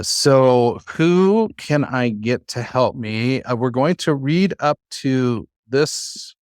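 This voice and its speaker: Here the low-voiced Bible Hebrew teacher works through a lesson in a halting, relaxed manner, full of "uh" and restarts. Close, dry audio without echo.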